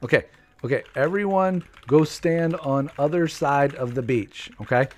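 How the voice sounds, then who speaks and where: Excitable man streaming a game. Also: a little slow. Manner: excitable, bursts into high shouts. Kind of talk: live gameplay commentary to viewers.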